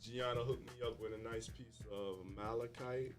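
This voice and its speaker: A man's voice: mid-range voice, steady tone, moderate pace, faint music behind. A man hosting a live-streamed podcast in a casual, joking way, teasing his guests. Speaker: podcast host.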